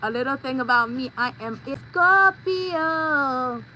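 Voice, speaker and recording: A woman's voice: sits high, expressive, takes it slowly, bright, forceful tone, a little hiss or hum, poor audio. A woman vlogger talking in a playful, rambling monologue, telling stories with goofy sound effects.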